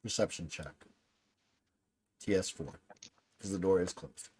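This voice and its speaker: A man's voice: low-pitched, unhurried, a little mellow, a little hiss or hum. A man narrating as game master of a tabletop game, in a casual, rambling way.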